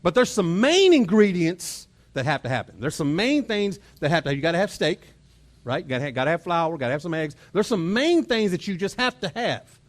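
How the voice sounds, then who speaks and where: A man's voice: high voice, big pitch swings, brisk. A middle-aged man with a Texan accent, preaching a conversational sermon, often repeating words and chuckling as he acts out family moments. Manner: chuckles and mimics family exchanges. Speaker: pastor. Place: church auditorium.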